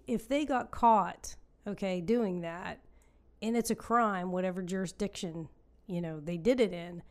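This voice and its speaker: A woman's voice: a little high, darkish tone. Chatty woman co-host, casual talk. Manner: restarts often, reads from a report. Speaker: podcast co-host. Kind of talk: casual political chat.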